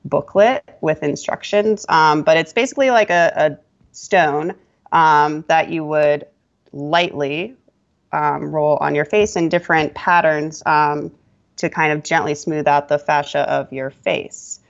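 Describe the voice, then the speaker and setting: Low husky-voiced lady talking skincare tips easy and loose, kinda dull lo-fi sound. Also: measured pace. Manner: relaxed, advice-giving, many fillers. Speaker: guest esthetician and yoga instructor. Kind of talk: casual podcast interview.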